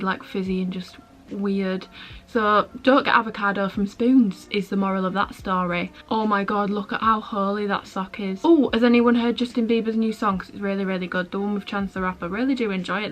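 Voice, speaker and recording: A woman's voice: mid-range voice, fairly even intonation, a little fast, fairly bright tone. Chatty young Englishwoman vlogging at home. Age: early 20s. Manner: chatty and rambling, with lots of "like". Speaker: fitness vlogger. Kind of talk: casual vlog chat.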